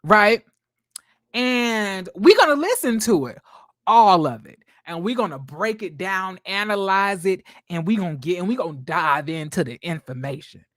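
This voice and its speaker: A woman's voice: medium pitch, animated, normal speed, fairly bright tone, no echo. Chatty woman in her twenties, dry sound. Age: 20s. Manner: chatty, greeting viewers by name, sassy asides. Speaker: livestream host. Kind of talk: casual livestream commentary.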